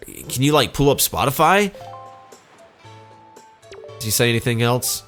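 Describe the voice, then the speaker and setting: A man's voice: medium pitch, expressive, a little slow, a bit bright. A man hosting a let's play, tossing out sarcastic jokes as he goes. His voice sits in a middle register, with faint game music underneath. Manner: sarcastic and joking. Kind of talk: casual gameplay commentary.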